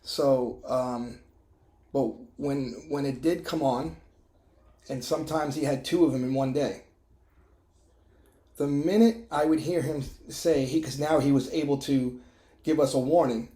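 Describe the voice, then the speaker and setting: A middle-aged man sharing a personal testimony in an emotional, halting way, with many restarts and fillers. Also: mid-range voice, fairly even intonation, dark tone, reverberant. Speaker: testimony vlogger.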